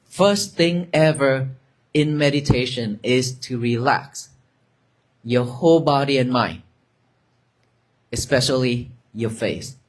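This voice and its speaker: Speaking slowly and gently in a mid-range voice, a male Buddhist monk leads a guided meditation within a dharma talk. He repeats soft, gentle cues at times, addressing an audience gathered at a monastery.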